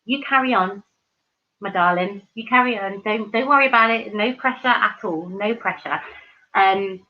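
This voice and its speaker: This mid-range female voice moves at a moderate pace as she runs a live stream, chatting warmly and informally with viewers. Reading their comments aloud, she fills her speech with ums and false starts, all in dull lo-fi audio.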